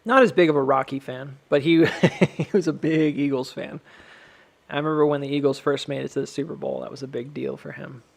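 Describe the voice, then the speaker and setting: A man's voice: medium pitch, fairly even intonation, a little fast, vocal fry. An American man hosting a live stream from home, chatting casually, rambling and laughing often at his own jokes.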